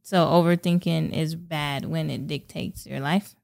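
A woman with a fairly low voice for a woman talks on a podcast recorded at home. She speaks earnestly. Her sentences often stop and restart as she works out her point. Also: fairly even intonation, unhurried, vocal fry, darkish tone. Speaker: podcast co-host. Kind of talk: casual chat.

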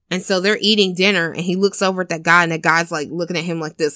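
A woman with a slightly low voice retells a film's plot for a podcast, loose and chatty. She bounces into the characters' lines as she goes. The recording is dry and close, with no room sound. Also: fairly quick, no echo. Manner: animated, acts out characters' lines with cursing and laughs. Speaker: podcast co-host retelling a film. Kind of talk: casual chat.

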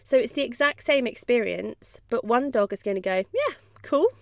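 Woman, podcast host, chatty and quick to laugh, dry close sound. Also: a little high, gravelly, dry recording. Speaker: podcast host, dog trainer. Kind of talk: podcast monologue.

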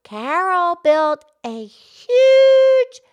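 A bubbly little pig girl hosting a kids' podcast, voiced by a woman, all squeaky sing-song chatter. Her voice sits up high and bounces with excitement as she chats with her co-host. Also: very slow, muffled recording, full character voice. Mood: cheerful. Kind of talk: in-character kids' podcast chat.

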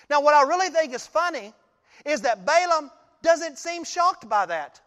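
A male pastor giving a sermon, telling the story in an animated way and often laughing. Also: extremely high pitch, normal speed, big-room sound.

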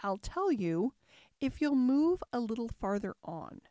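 Soft sweet little fawn talking slow, woman doing the voice, dry sound. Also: a little high, big pitch swings, no echo. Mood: gentle. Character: gentle shy young fawn with a soft voice. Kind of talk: storybook reading.

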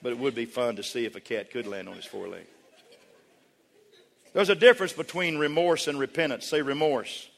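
A middle-aged man preaching a sermon as pastor, emphatic, with call-and-response to the congregation and climaxes that rise toward shouting. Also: mid-range voice, normal speed, gravelly. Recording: long reverb of a large church hall.

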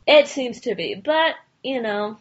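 A woman's voice: on the high side, expressive, a little slow. A woman co-hosting a podcast in casual chat, talking loosely with many fillers and frequent laughs. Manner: chatty, filler-heavy, laughs often. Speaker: podcast co-host. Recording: dull lo-fi audio.

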